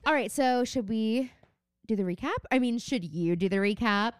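A young woman co-hosts a podcast in loose, casual chat, filling her sentences with "like" as she rambles through a story. Her voice is smooth and clear. The sound is dry and close, with no room around it. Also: fairly high pitch, animated, moderate pace, dry recording. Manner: chatty, heavy on "like" fillers, laughs often. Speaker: podcast co-host.

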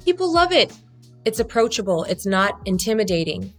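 A woman's voice: medium pitch, sing-song, moderate pace, soft background music. A woman who co-founded a law firm, talking energetically and bluntly as an interview guest, now and then swearing and mimicking other people's voices. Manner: swings into acted quotes of others. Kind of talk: casual interview talk.

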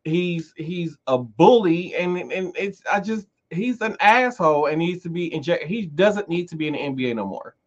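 A man's voice: on the high side, animated, moderate pace, hardly any pauses. A man hosting a casual podcast chat, speaking bluntly and emphatically with frequent restarts. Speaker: podcast host. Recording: dull lo-fi sound.

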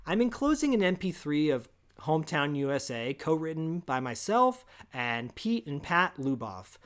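A man co-hosting a casual podcast, telling a long story with lively asides and quoted voices. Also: fairly high pitch, moderate pace, clear, resonant tone. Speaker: podcast co-host. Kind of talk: casual chat.

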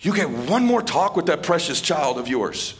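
A man's voice: a little high, very animated, moderate pace. A man giving a live motivational speech at an event, fervent and repeating phrases for emphasis. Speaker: motivational speaker.

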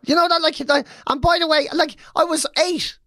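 A man's voice: very high voice, a little fast, no echo, clean studio sound. A man in his forties with a Dublin accent, telling a comic story full of swearing and checking in with "right?". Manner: swearing, animated, keeps asking "right?".

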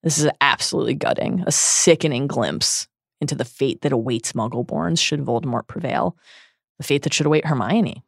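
A woman's voice: a bass voice, a little fast, creaky, no room sound, studio quality. A woman hosting a podcast, recapping a book in an earnest, dramatic reading. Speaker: podcast host.

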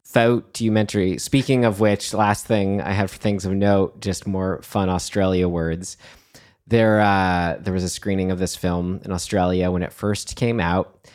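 A man's voice: sits low, steady tone, unhurried, a little mellow. A man hosting a podcast, chatting casually, often correcting himself as he steers the talk. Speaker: podcast host. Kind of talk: casual chat.

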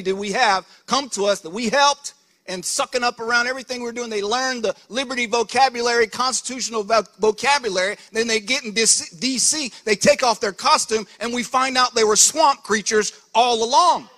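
Fiery preacher, high and bright. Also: male voice. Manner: fiery, animated, keeps calling "Hello?" to the crowd. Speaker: preacher and co-host. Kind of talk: fiery live sermon. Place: church hall in Florida.

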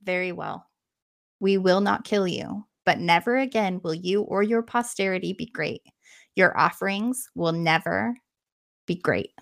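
A woman speaking as two young male hero twins who make a slow, solemn declaration of vengeance. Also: on the low side, lively intonation, vocal fry, a bit bright, heavily acted. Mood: stern.

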